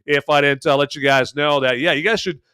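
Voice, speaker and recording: A man hosting a podcast and reviewing a film in a loose, chatty way, with plenty of "uh"s and punchy asides. His voice is smooth and resonant, and it sits in a dry, close-miked sound with no room echo. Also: a little high, fairly even intonation, fairly quick, pushed and bright. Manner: chatty, filler-heavy, emphatic asides. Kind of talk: casual spoken film review.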